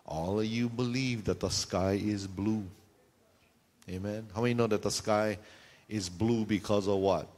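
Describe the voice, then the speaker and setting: Pastor with lilt, echoing hall. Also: male voice, fairly low pitch, measured pace. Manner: lively storytelling with call-and-response. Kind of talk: sermon. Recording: reverberant hall sound.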